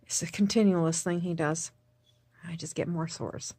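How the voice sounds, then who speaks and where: A woman recording a personal video diary, speaking in a subdued, tearful, halting way and repeating herself. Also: lowish voice, fairly even intonation, warm tone, breathy edge, dry recording. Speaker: vlogger.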